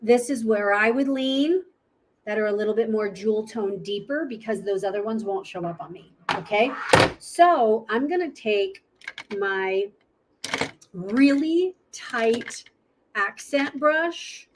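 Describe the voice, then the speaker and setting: A woman's voice: fairly high pitch, animated, takes it slowly, noisy background. Chatty woman demonstrating makeup. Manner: chatty, thinking aloud while searching for products. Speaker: makeup presenter. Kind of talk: casual live makeup tutorial.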